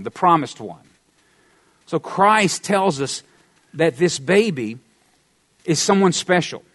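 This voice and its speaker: A man's voice: fairly bright tone, no echo. Middle-aged Southern American male pastor, emphatic sermon delivery, dry close sound. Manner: emphatic preaching with wide swings in pitch and volume, Southern humor.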